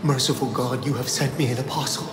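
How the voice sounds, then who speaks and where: An unhinged preacher speaks with calm zeal, voiced by a man in a horror game, every line solemn and sermon-like. Clear game music plays behind him. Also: mid-range voice, quick pace, lightly acted. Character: unhinged male preacher, older, zealous and calm.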